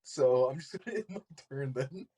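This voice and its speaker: A man's voice: medium pitch, lively intonation, normal speed, mellow, husky. A man playing a tabletop game, talking in a hesitant, laughing way. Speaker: player.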